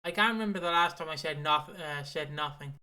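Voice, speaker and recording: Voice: medium pitch, a little fast, pushed and bright, low-quality recording. A podcast co-host, reading listener comments aloud in a chatty way, with laughing and swearing. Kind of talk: casual podcast chat.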